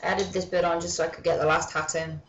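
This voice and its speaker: A woman's voice: on the low side, level tone, fast talker, lo-fi sound. A woman giving a mock-dramatic reading of a fan story, breaking off for sardonic, swearing asides. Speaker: comedic reader.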